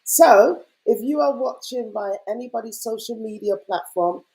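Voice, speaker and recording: A woman's voice: a little high, normal speed, warm tone, rough recording. A woman hosting an online event over a video call, chatty and welcoming, greeting viewers with enthusiasm. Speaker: host.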